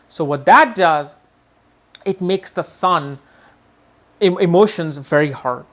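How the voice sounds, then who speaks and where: A man teaching an astrology lesson in a lively way, often acting out what people say and repeating his words. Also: a little high, a little slow, long pauses. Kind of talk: video lesson.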